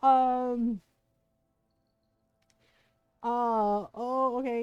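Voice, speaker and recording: A woman's voice: mid-range voice, normal speed, a little mellow, no echo, lo-fi sound, faint music behind. Blunt, foul-mouthed woman streamer. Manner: swears freely, laughs often, blunt and indignant. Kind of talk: casual storytelling on a live game stream.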